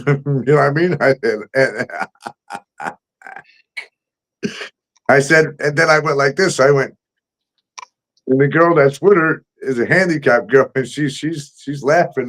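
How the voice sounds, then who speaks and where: A man's voice: medium pitch, measured pace, pauses often, a bit bright. A man hosting a casual talk show from home, telling a story with frequent laughs and loose swearing. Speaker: host. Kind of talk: casual chat.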